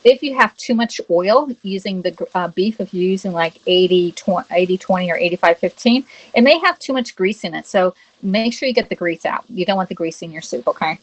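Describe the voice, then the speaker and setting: A woman's voice: lowish voice, lively intonation, brisk, poor audio. A woman hosting a live cooking demo from her home kitchen, chatting to viewers, reading their comments and checking in with "okay?" as she works. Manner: greets viewers and reads chat aloud. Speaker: cooking livestream host.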